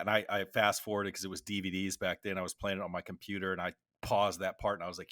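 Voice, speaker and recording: A middle-aged man with a very low voice that still has a bright, forward edge tells stories with a veteran's casual looseness. He circles back and restarts often. The sound is dry and close. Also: level tone, a little fast, no room sound. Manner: rambling anecdotes with many restarts and fillers. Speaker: podcast co-host; military veteran. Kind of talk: casual conversational storytelling.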